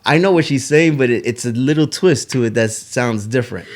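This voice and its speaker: A man co-hosting a casual podcast chat, talking in halting bursts with restarts. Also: mid-range voice. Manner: halting, restarts, laughs at own slips. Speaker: podcast co-host.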